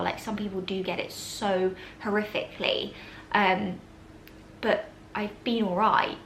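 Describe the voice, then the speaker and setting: A woman's voice: mid-range voice, slight background noise, poor audio. A young woman talking casually to the camera at home in a chatty, rambling vlog. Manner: chatty and rambling, with many fillers. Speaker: vlogger.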